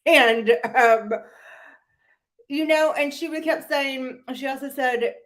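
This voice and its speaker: A woman's voice: high voice, slow pace, fairly bright tone. A young woman hosting a casual commentary chat, gossipy and sarcastic, often breaking into giggles. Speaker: channel host.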